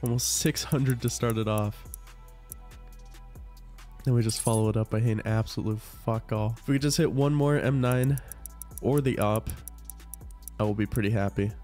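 A congested man giving casual, swearing play-by-play commentary as he opens cases, frustrated and excitable. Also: mid-range voice, moderate pace, pauses often, soft background music. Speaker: gambling video host.

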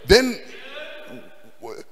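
A man preaching a sermon, emphatic and sing-song, rising at times to shouts. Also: drawn-out words. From Zimbabwe. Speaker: pastor. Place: church hall. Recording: long hall reverb.

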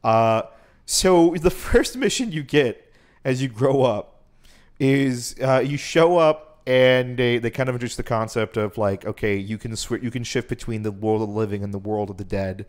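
A man's voice: mid-range voice, moderate pace. A young man co-hosting a podcast, retelling a game's story in a rambling, profane, casual way. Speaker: podcast co-host. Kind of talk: casual chat.

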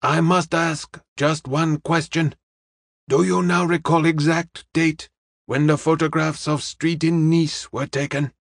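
A man's voice: on the high side, flat delivery, creaky, dry recording, clean studio sound, voice pushed up. A man voicing a courteous middle-aged male detective who speaks formally and evenly. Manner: polite, formal, measured.

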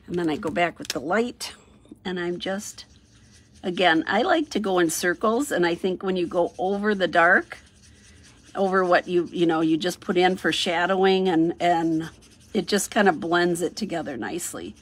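A woman's voice: on the low side, normal speed. A woman chatting casually through a craft demonstration, thinking aloud as she colors and cheerfully saying "ta-da" after each step. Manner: chatty, thinks aloud, sing-song "ta-da" while working. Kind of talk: casual craft tutorial narration.

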